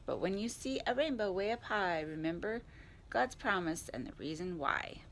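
A woman at a library storytime, reading a picture book aloud in a clear, expressive way. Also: fairly low pitch, moderate pace, slight background noise.

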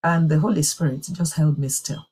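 A woman's voice: sits low, fairly even intonation, moderate pace, dark tone, husky. A woman telling a personal testimony in a sermon, in an earnest and emphatic way. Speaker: church speaker.

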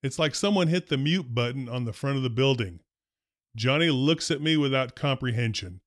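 A man, a former school principal, tells stories from his career in a wry, deadpan first-person narration. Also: medium pitch, moderate pace, no echo. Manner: dry, wry humor, deadpan delivery.

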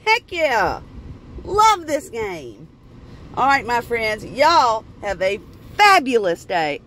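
Bubbly high-voiced woman. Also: very animated, unhurried, a bit bright, a little hiss or hum. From Florida. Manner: squealing, bubbly, talks to viewers as y'all. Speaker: lottery vlogger. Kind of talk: excited casual vlog.

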